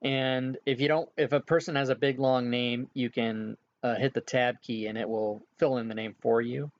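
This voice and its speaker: In this dull-sounding clip, a man with a mid-range voice speaks at a normal speed in a steady tone. He's the game master of an online game session, casually walking players through setup and dropping in frequent filler sounds.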